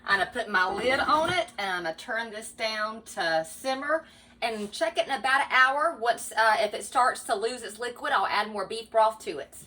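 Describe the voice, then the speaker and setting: This home cook's voice is fairly high and pushed, bright, with lively intonation at a normal speed. She speaks with a Southern US accent, chatting casually and folksily to viewers, whom she calls y'all, while cooking in her home kitchen for a vlog. The audio is poor.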